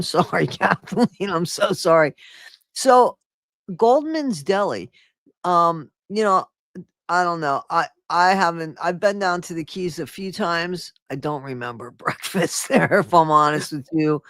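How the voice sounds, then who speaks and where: A woman hosting a live stream, chatting casually and excitably with her viewers. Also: low voice, a little slow, no echo, studio quality. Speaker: streamer host.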